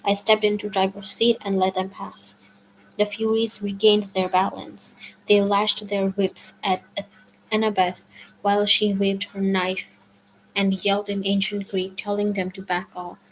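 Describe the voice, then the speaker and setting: A woman reading a novel aloud as a storyteller, steady, with some passages dropped to a whisper. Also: medium pitch, measured pace, slight background noise, poor audio. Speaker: audiobook reader.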